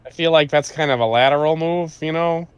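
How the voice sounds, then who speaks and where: A man's voice: on the high side, brisk, clean tone. A man playing a tabletop role-playing game, musing and asking questions in a casual way. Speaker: player.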